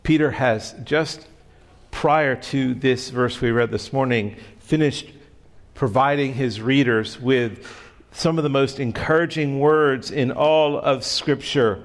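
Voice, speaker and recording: A man preaching a sermon, measured and deliberate, often repeating phrases as he goes. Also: mid-range voice. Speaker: pastor.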